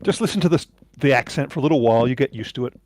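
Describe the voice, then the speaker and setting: A man's voice: mid-range voice, lively intonation, racing, a little mellow, no echo. A man chatting on a group call, explaining things in a dry, matter-of-fact way. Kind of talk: casual group call chat.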